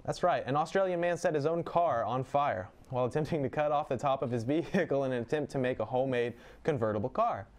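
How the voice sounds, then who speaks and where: A man's voice: mid-range voice, fast, hardly any pauses, darkish tone. A young man co-hosting a podcast, reading odd news stories in an easygoing, chuckling way. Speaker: co-host reading news items. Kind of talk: casual news chat.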